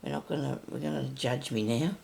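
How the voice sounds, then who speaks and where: Older woman with a gravelly voice. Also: fairly quick, darkish tone. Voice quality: raspy, deep, gravelly voice. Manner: chatty, rambling, self-interrupting. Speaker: sewing tutorial host. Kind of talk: casual stitching tutorial.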